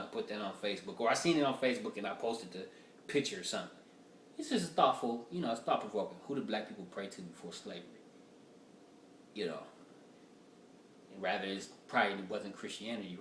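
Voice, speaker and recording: Profane rambling comedian, echoey room. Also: male voice, fairly low pitch, animated, fairly quick, pauses often, a bit bright, slight background noise. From United States. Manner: loose, profane, rambling storytelling. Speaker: stand-up comedian. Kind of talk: casual stand-up rehearsal. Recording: roomy echo from far off.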